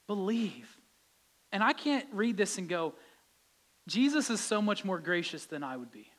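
A man's voice: high voice, big pitch swings, unhurried, a bit bright. A male pastor giving a conversational sermon, his voice rising with emphasis at key points.

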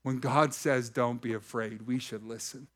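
A male pastor preaches to his congregation, his voice sitting at an ordinary middle pitch. He reads scripture passages aloud and breaks off to tease people in the room. His delivery is lively and conversational. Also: normal speed. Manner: animated preaching with jokes to the congregation. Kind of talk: sermon. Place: church hall with a live congregation.

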